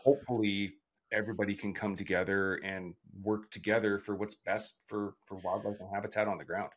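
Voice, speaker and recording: A male host speaks with a somewhat low voice, choosing his words deliberately. He keeps a steady, affirming tone as he carries the interview along. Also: slightly rough. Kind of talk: interview conversation.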